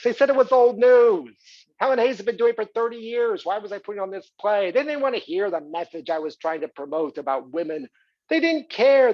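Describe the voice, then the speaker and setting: An actor playing a grandiose rich arts patron. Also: male voice, a little high, a little mellow. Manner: boastful, theatrical, scornful. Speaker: actor in a one-man stage play. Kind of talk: theatrical monologue. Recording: dull lo-fi recording.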